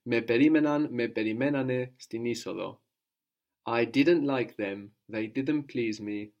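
A man's voice: mid-range voice, a little slow, muffled recording. A man teaching a language lesson, patiently explaining grammar step by step and prompting his student to answer.

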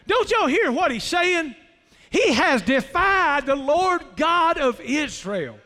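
A man's voice: very high voice, big pitch swings, slow pace, sharp tone, heavily acted. A man voicing a fearless, fiery young shepherd hero, speaking with impassioned, folksy defiance in a reverberant hall. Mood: defiant.

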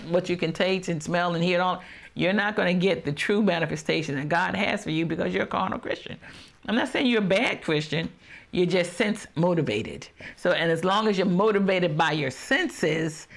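A man's voice: high voice, creaky, a bit bright. A man preaching a sermon, emphatic and repetitive, often acting out the voices of the people he describes.

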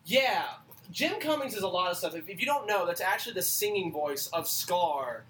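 A woman co-hosting a casual podcast, excitable and quick to swear. She laughs often. Her tone is bright, with a faint hiss of noise behind her. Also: fairly low pitch, rough recording. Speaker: podcast co-host. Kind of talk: casual chat.

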